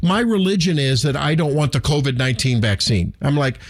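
A man's voice: mid-range voice, fairly quick. A middle-aged man hosting a talk radio show, rambling animatedly with self-deprecating asides. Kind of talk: casual talk radio monologue. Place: radio studio.

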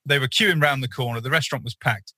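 A man's voice: medium pitch, fast, bright, forceful tone, husky, dry recording, poor audio. A man co-hosting a podcast, telling a rambling story in casual chat with many fillers and restarts. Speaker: podcast co-host.

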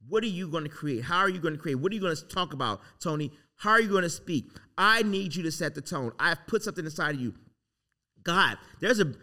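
A man hosting a faith podcast, talking in a rambling, excited way, full of "like" and "literally". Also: on the high side. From Southern California. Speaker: podcast host. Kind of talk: casual motivational talk.

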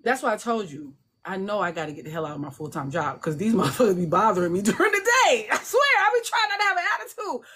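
Animated woman telling writing stories. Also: mid-range voice, fast talker, few pauses, breathy edge. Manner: animated, acts out voices with swearing and laughter. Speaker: indie author, guest. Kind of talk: casual chat.

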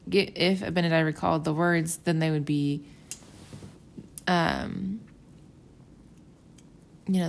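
Chatty young woman, slightly low voice. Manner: chatty, animated, acts out quotes with gasps and whispers. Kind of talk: casual scripture commentary.

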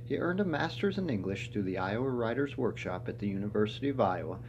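A man's voice: lowish voice, expressive, quick pace, dull audio, noisy background. A man hosting and introducing a radio drama with enthusiasm. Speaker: host introducing the play. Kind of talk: spoken introduction.

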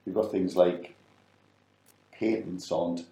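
A man's voice: low-pitched, steady tone, slow, dark tone, roomy sound, low-quality recording. A middle-aged man, co-hosting a casual business chat and repeating words as he thinks aloud.

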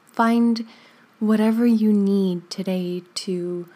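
A woman leading a guided breathing exercise, counting slowly and softly with gentle, encouraging words. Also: mid-range voice, steady tone. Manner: slow, soothing counting with soft whispered stretches; gentle encouraging asides with light laughs. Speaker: breathing instructor.

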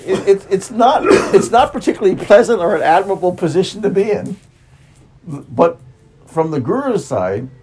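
A man's voice: on the high side, a little mellow, breathy edge, rough recording. A man speaking as a spiritual teacher in an unscripted talk, repeating himself, restarting phrases and drawing out words. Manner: repetitive, with frequent restarts and drawn-out words.

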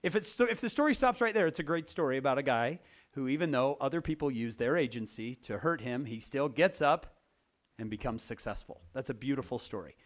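A man's voice: medium pitch, expressive, a little fast. A man giving a humorous sermon, telling a story and acting out the characters' lines. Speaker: speaker at a church meeting.

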